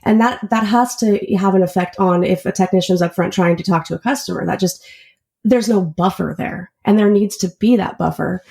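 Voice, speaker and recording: A woman's voice: on the low side, a little fast, gravelly, warm tone. A woman who works as an auto shop service advisor, talking earnestly and at length as a podcast guest. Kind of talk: casual interview chat.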